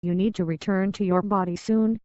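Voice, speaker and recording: Woman doing a cool calm android lady, measured and even, dull dry audio. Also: mid-range voice, dry recording, lightly acted. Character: calm enigmatic blonde female android.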